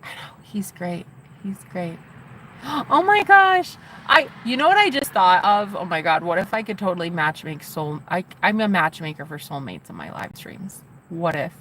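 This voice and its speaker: A woman live streamer chatting casually with her viewers, gushing and excitable, with casual swearing. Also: on the low side, normal speed, a little hiss or hum.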